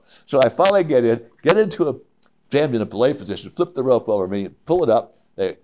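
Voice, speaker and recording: An older man, a mountaineer, telling stories from his climbs in an interview, animated and full of halting restarts. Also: mid-range voice, a little hiss or hum. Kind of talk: reminiscing interview.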